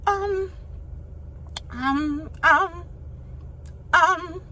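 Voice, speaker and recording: A woman mimicking a tearful female houseguest giving a halting farewell speech in a high, wavering voice. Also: sharp tone, slight background noise, heavily acted. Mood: teary, gushing.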